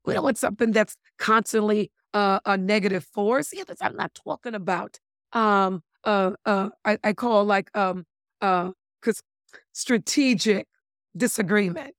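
Calling her listeners "my lovelies", a female body language expert chats in a casual interview with animated emphasis and playful wordplay. Her mid-range voice moves a little slowly, recorded at studio quality with no room sound.

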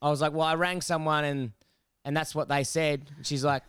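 A fairly high-voiced Australian man tells a story in a casual podcast chat and keeps swearing. He acts out both sides of every exchange. His voice is smooth and clear, and it is recorded dry and close. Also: steady tone, brisk, fairly bright tone, no room sound. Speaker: podcast co-host.

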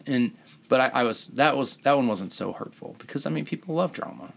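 A man's voice: medium pitch, brisk, gravelly. A man, a surgeon hosting a podcast, telling rambling self-mocking stories in casual chat.

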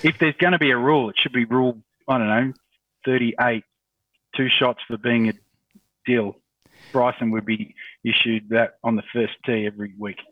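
A man's voice: medium pitch, fairly even intonation, moderate pace, no echo. Man on a tinny call line. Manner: offbeat, joking. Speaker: podcast co-host. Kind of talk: casual podcast chat. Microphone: remote video call. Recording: tinny distant call audio.

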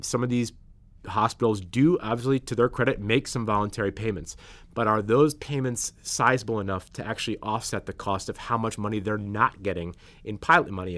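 A man, a state legislator, answering listener questions on a podcast in an earnest, explanatory way, setting out his points one by one. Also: lowish voice. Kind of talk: podcast policy discussion.

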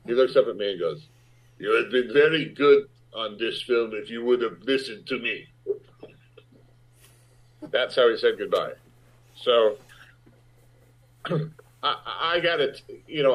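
A man, an actor, speaking frankly in a conversational interview, halting with restarts and rising sharply when he makes a point. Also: on the low side. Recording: muffled lo-fi audio.

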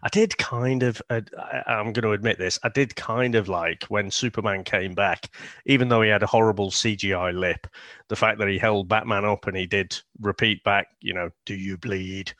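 Un uomo con britannico che parla di film in un podcast, esitante e pieno di ripetizioni. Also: male voice, fairly low pitch, steady tone, moderate pace, fairly bright tone, no room sound, studio quality. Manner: hesitant, repeats words. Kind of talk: casual film podcast chat.

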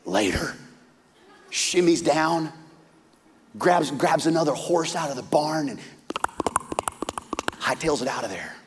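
A man preaching a sermon, retelling a story with lively, humorous asides and acted-out voices. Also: slow pace, pauses often, slight background noise. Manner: animated storytelling, acting out characters with big pitch swings. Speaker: pastor. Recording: hall reverb.

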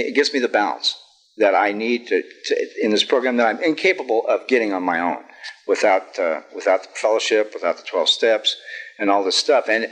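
A man's voice: medium pitch, fairly bright tone, rough recording. Candid middle-aged man sharing his story. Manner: plain-spoken and candid, with frequent fillers and self-deprecating humor. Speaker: recovery meeting speaker. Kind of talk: personal sharing talk.

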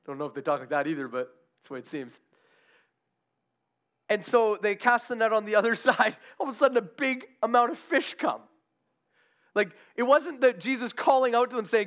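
A man preaching a sermon, telling a Bible story with animated, acted-out quotes. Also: very high voice, fairly quick. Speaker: pastor.

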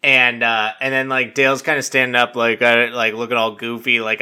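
Rambling, profane man with a sharp tone. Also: medium pitch, normal speed, clear, resonant tone. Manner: rambling and profane, heavy use of "like"; animated storytelling with mock quotes. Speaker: podcast host recapping a reality dating show. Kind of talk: casual recap chat.

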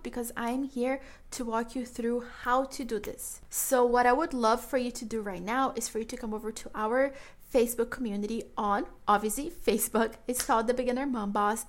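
Upbeat young female coach, fairly high pitch, cheering the listener on. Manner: enthusiastic, encouraging, addresses listener as mama. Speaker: branding coach and podcast host. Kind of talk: upbeat solo talk to listeners.

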